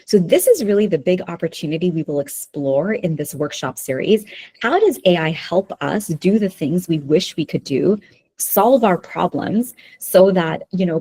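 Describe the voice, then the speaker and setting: A woman with a lowish, mellow voice and a breathy edge runs a live webinar workshop over a video call. She talks to her listeners with frequent "okay?" and "right?" checks.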